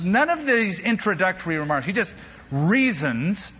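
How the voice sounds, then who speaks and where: Animated, bright-voiced male preacher. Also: on the high side, moderate pace, slightly rough, long reverb tail, muffled recording. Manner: animated storyteller with humorous asides. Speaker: pastor. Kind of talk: sermon.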